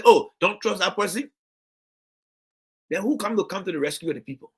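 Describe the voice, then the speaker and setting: A man with a Liberian English accent talks into the camera in a husky, slightly high voice. He speaks with passion, rising for emphasis and stumbling over repeated words as he comments on the clips he plays. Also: a bit bright. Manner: impassioned, repetitive restarts. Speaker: political commentator. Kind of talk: video commentary.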